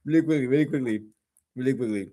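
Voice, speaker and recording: A man's voice: medium pitch, fast, dark tone. A man co-hosting a podcast in casual chat, a rambling storyteller who repeats words and laughs often. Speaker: podcast co-host.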